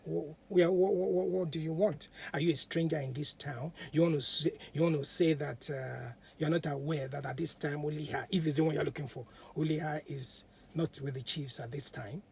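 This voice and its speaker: Guy voicing a stuck-up pretty young woman, shrill and suspicious, raised pitch, slight hiss behind. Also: steady tone, moderate pace, gravelly, few pauses. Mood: haughty. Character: proud conceited young beautiful woman.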